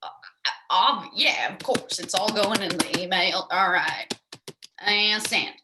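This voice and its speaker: A woman's voice: mid-range voice, very noisy, natural voice. A woman in an improv comedy scene playing a blunt, crude female casting director. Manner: blunt and crude, slow drawn-out delivery. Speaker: improv performer.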